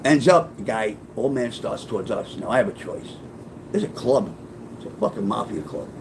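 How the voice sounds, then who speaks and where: Profane, animated New storyteller man. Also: medium pitch, a little hiss or hum. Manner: profane, animated, punchy street talk. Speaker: storyteller and author. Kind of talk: casual spoken storytelling.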